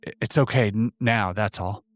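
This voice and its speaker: A man voicing a shaken colonel who talks in a hoarse, trembling, halting voice. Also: lowish voice, no echo, close to an everyday voice. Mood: bewildered. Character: shaken older male colonel, stammering.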